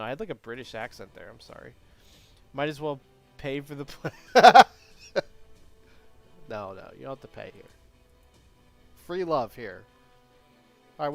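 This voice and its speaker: A man's voice: mid-range voice, very animated, normal speed, gravelly, pauses often, soft background music. A man chatting casually to his viewers on a live stream, rambling and self-deprecating with a jokey manner.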